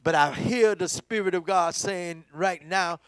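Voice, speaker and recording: A man preaching a sermon in church, swinging from hushed talk to shouting, repeating words for emphasis. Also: high voice, measured pace, clear, resonant tone, no room sound. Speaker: pastor. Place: church sanctuary.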